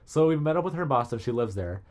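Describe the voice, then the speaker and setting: A young man chatting casually as a podcast guest, an animated storyteller who acts out quotes. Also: mid-range voice, fast talker. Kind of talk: casual chat.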